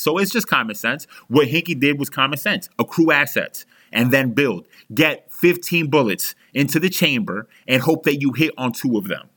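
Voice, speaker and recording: A man's voice: medium pitch, pushed and bright. A young man hosting a sports podcast, ranting angrily as a frustrated fan, heated and profane with frequent restarts. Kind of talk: angry fan rant.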